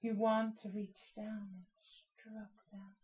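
A woman speaking as a hypnotist in slow hypnotic narration, with a sultry, drawn-out, repetitive cadence. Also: medium pitch, little pitch movement, a little mellow.

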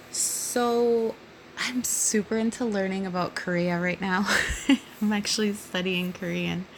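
A drunk woman in her thirties answering listener questions in a casual solo monologue, giggly and rambling, often dropping to a soft near-whisper. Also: on the low side, slight background noise. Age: 30s.

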